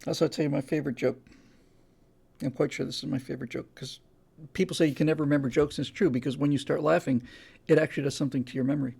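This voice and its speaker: A man's voice: on the high side, fairly even intonation, rapid-fire, creaky, a little mellow, breathy edge. A man hosting a podcast, talking in a casual, emphatic monologue with frequent restarts. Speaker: podcast host.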